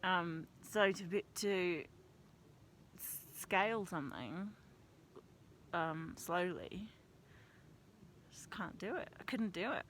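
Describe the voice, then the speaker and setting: A young woman with a lowish voice talks through her thoughts in a loose, chatty vlog, breaking into laughter at her own expense. She is recorded outdoors on a mountain trail, with faint ambient noise behind her. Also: lively intonation, takes it slowly, long pauses, fairly bright tone. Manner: chatty, laughs often, self-deprecating. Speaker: vlogger. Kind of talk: casual reflective vlog.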